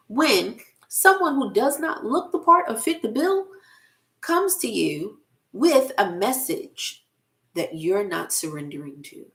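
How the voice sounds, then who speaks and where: Slow, gravelly woman giving a spiritual talk. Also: a little high, very animated, pushed and bright. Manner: slow, emphatic, repeating phrases for effect. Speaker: motivational speaker and spiritual life coach. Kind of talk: casual spiritual motivational talk to camera.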